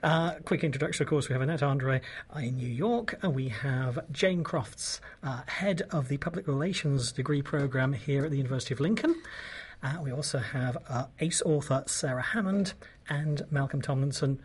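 A man's voice: medium pitch, normal speed, slightly rough. A man hosting a live radio show, chatty and joking, rambling with frequent restarts. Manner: jokey, rambling, full of restarts.

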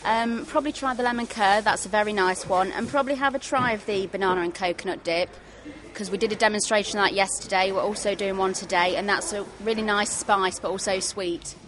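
A woman's voice: medium pitch, fairly even intonation, brisk, crowd noise. A woman at a stall listing her products plainly, with frequent ums. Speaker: stall worker.

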